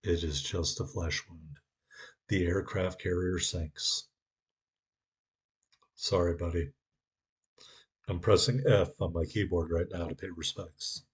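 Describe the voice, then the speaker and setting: A man's voice: sits low, fairly even intonation, slow pace, pauses often, husky. A man giving a sarcastic, wry voice-over commentary on his own gameplay.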